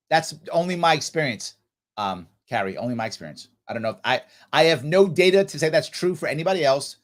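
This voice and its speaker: A man hosting a casual livestream Q&A, telling stories animatedly and acting out other people's voices. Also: mid-range voice. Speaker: livestream host answering viewer questions.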